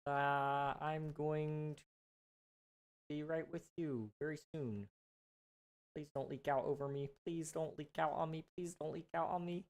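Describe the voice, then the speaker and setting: A hoarse man doing a goofy impression of a cheerful male frog puppet with a high, nasal voice. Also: little pitch movement. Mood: silly. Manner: goofy, slow, drawn-out impression with crude jokes. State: hoarse, losing his voice.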